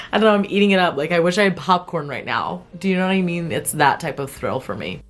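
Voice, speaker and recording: A young woman vlogging about a book she is reading, talking to her viewers in a chatty, animated way and laughing often. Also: fairly low pitch, quick pace, few pauses. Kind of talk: casual chat to camera.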